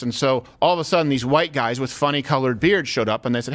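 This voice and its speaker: A man hosting a talk show, giving opinionated comedic commentary in a sarcastic, animated way that slips into acted-out dialogue. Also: medium pitch, quick pace.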